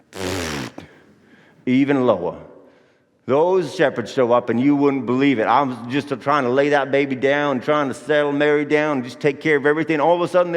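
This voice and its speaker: A man's voice: medium pitch, close to an everyday voice. An actor playing Joseph as a folksy, anxious young father, drawling with country grammar, in a church Christmas monologue. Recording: echoey church hall.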